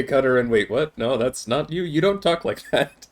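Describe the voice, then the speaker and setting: A man's voice: mid-range voice, animated, a little slow. A man streaming a game, reading its text aloud and commenting with amusement.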